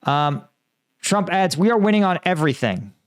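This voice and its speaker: A man's voice: fairly high pitch, normal speed, dry recording, clean studio sound. A young adult man hosting his own channel, giving casual, sarcastic political commentary and acting out the people he quotes. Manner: sarcastic, animated, acts out quoted voices.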